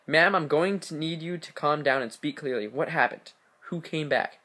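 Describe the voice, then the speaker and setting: A man reading the part of a police officer on duty, giving firm, steady instructions to a caller. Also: on the high side, normal speed.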